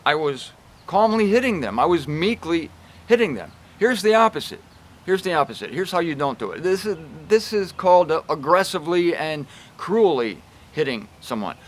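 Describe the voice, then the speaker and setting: A man giving a casual, emphatic Bible teaching talk with a wry, lively delivery. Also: on the high side, normal speed. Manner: emphatic and wry, shifts pace and loudness a lot.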